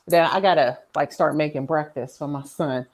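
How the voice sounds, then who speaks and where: An American woman telling a funny story in a casual livestream chat, animated and laughing often. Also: deep voice, moderate pace. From United States. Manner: animated, laughs often, mimics herself in quotes.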